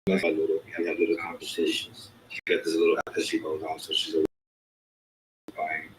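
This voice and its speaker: A man's voice: very deep voice, completely flat delivery, brisk, slight background noise, low-quality recording. A man hosting a casual chat, rambling and streetwise, talking in loose asides.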